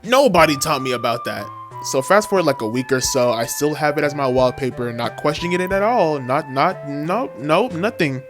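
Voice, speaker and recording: A man's voice: a little high, lively intonation, normal speed. A young man narrating a comedic story from his school days in a casual, slangy, self-mocking way. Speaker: storytime vlogger. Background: music.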